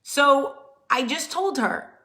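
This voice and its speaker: A woman's voice: high-pitched, lively intonation, slow pace, pushed and bright. A woman, a mother, telling a personal story in a casual, earnest way and speaking soothingly when she reassures.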